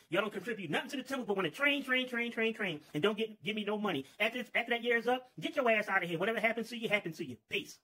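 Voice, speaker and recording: A man's voice: high voice, sharp tone, husky, full character voice, rough recording. A man voicing a grumpy, profane old monk master who scolds a student in a comic story.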